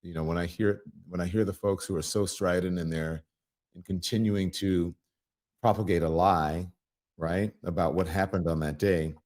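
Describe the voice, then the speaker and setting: A man hosting an interview, asking probing questions gently, often restarting his sentences. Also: low voice, steady tone, moderate pace. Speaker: interview host.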